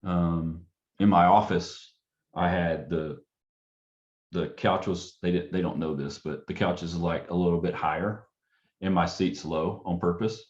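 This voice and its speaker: A man with a low voice speaks as a counselor, loose and conversational. He slips into a gentle, curious tone to act out what he would say to parents. The sound is dull and lo-fi. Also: steady tone, a little slow. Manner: acts out client and parent dialogue in a softer, curious tone. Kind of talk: casual panel talk.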